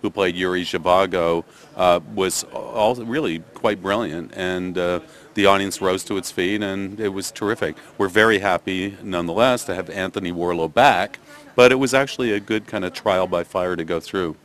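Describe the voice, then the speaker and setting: Speaking at normal speed in a low, slightly bright voice, an older Canadian man who directs theatre gives a press interview. He answers thoughtfully, often restarting and using fillers.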